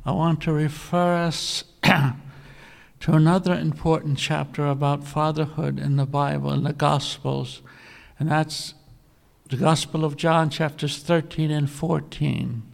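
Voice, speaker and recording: Slow, gravelly-voiced male preacher. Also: fairly high pitch. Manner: earnest storytelling, animated when quoting scripture; frequent throat clearing. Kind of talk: sermon.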